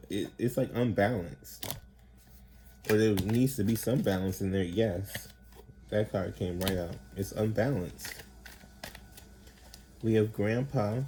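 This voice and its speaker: A man's voice: mid-range voice, poor audio. A man giving a casual tarot reading, rambling and slangy with plenty of profanity, often acting out the people he describes. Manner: animated, acts out quoted people. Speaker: tarot reader.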